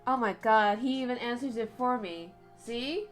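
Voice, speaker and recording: A woman's voice: fairly high pitch, moderate pace, soft background music. A woman streamer with a cold, chatting and joking casually as she plays through a game. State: has a cold.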